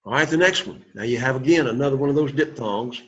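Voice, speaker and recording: A man's voice: medium pitch, fast, fairly bright tone, slightly rough. A man teaching a Greek class, encouraging the students and repeating words for them to echo, in a dull lo-fi classroom recording. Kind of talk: classroom pronunciation drill.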